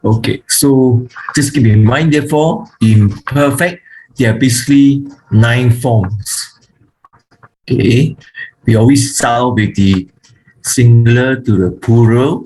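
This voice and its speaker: A man teaching a grammar lesson, speaking haltingly with frequent fillers and restarts, and slowly reciting word forms one by one. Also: medium pitch, a little mellow, low-quality recording. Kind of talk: online Hebrew grammar lesson.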